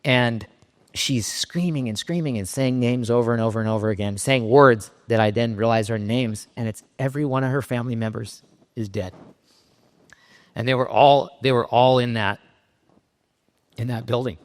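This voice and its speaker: A middle-aged man from Southern California giving a keynote talk, telling a personal story in a halting, emotionally raw way with frequent restarts. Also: mid-range voice. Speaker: keynote speaker. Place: conference stage in a large hall. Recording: reverberant hall sound.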